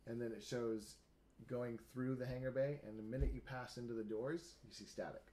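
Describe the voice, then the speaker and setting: A man narrating a tabletop role-playing game as game master, relaxed and easygoing. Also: medium pitch, brisk, slight background noise.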